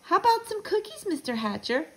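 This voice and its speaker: A woman's voice: extremely high pitch, very animated, brisk, a bit bright, pitched above the performer's own voice, exaggerated voice, poor audio. A woman voicing a helpful female assistant who coaxes a toddler in a lilting voice. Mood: coaxing. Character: helpful young woman assistant, sweetly coaxing.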